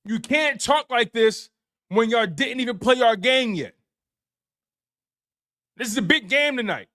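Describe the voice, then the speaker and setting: Man, high voice, sports show host, casual repetitive banter with viewers. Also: a little slow. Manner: animated, repetitive, playful trash talk to chat. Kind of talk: casual live-stream sports talk.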